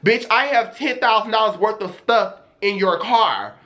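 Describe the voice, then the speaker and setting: Sassy high-voiced young man telling a story. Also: normal speed. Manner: sassy, dramatic, animated. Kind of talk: storytime vlog.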